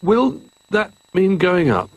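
A man voicing Jolly, a shy, gentle, very tall male toy giraffe who speaks nervously and politely in a storybook reading. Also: fairly high pitch, huge pitch swings, a little slow, husky, no room sound, lo-fi sound, voice pushed up, exaggerated voice.

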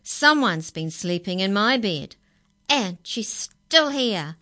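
A woman's voice: mid-range voice, lively intonation, takes it slowly, pushed and bright, no room sound, clean studio sound, voice pushed up. A woman reading the lines of a small young male bear cub in a storybook. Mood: plaintive.

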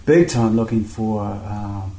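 A man telling a faith story in casual conversation, halting and repeating words, with "bro" and "eh". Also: on the low side, dark tone, roomy sound, low-quality recording. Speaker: guest sharing testimony.

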